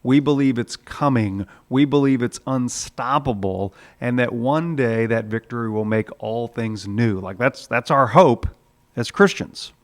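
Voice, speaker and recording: A man's voice: mid-range voice, unhurried. A man preaching a sermon in a conversational way, with frequent "uh"s, now and then acting out the voices in his story. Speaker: pastor.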